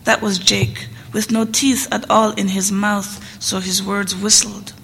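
A woman narrating literary fiction in a steady, restrained audiobook reading. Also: medium pitch, unhurried, gravelly. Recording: reverberant room, faint background noise.

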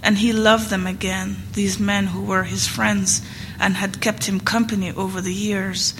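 Woman reading a story aloud, flat steady delivery, gravelly voice, long hall reverb. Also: mid-range voice, slight background noise. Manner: measured and rhythmic. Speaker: reader. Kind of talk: reading literary fiction aloud.

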